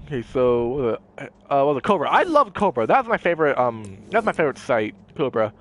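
A man doing casual let's-play commentary, excitable and goofy, playfully scolding characters in the game. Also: mid-range voice, brisk, slight background noise. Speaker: gameplay commentator.

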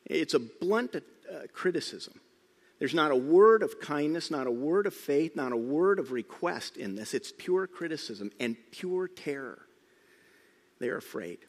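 A middle-aged man preaching a sermon, telling the story with lively emphasis, sometimes loud and sometimes hushed. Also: a little high, measured pace. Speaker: pastor. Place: church sanctuary. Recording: church hall reverb.

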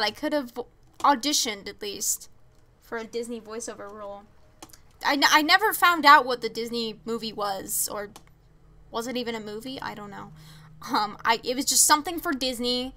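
A woman's voice: a little high, moderate pace, bright, forceful tone, soft background music. A young woman streaming a game, chatting casually, reading chat messages aloud and laughing often.

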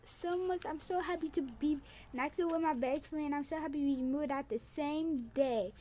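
A woman voicing a cheerful young woman sim in a life-sim game, gushing with excitement on a phone call to her mom. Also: sits high, normal speed.

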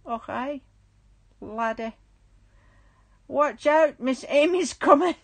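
A woman's voice: sits high, lively intonation, takes it slowly, pitched above the performer's own voice, full character voice. A woman putting on a playful, bossy mock-Scottish voice, hammy and teasing. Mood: mock threatening. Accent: put-on Scottish.

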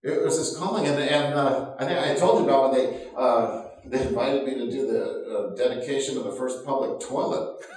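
A man's voice: mid-range voice, moderate pace, a little mellow. A man pastor telling a story in a sermon, laughing often at his own anecdote. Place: church sanctuary. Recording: very echoey room, voice from far off.

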